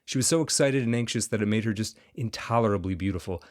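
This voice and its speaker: Male narrator, fairly low voice, lively and expressive classic storytelling. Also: fast talker, dry recording, clean studio sound. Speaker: audiobook narrator.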